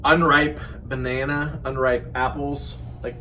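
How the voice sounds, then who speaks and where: A man hosting a casual whiskey chat in a basement, jokey and quick to laugh. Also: mid-range voice, flat delivery, sharp tone. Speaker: host. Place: basement room. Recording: distant mic, faint noise.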